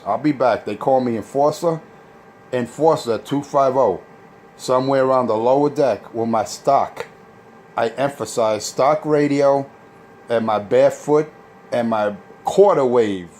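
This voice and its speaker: A man's voice: mid-range voice, darkish tone. Boastful man ranting over CB radio. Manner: boastful, repetitive, trash-talking. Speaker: CB radio operator. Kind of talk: CB radio on-air rant. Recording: CB radio transmission with faint noise.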